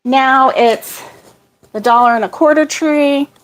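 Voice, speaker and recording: A middle-aged woman talks slowly and loosely while sorting yarn for her crochet channel. Her voice sits a little high for a woman. She pokes fun at herself and laughs easily. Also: poor audio. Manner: chatty, self-deprecating, laughs often. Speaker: crochet vlogger.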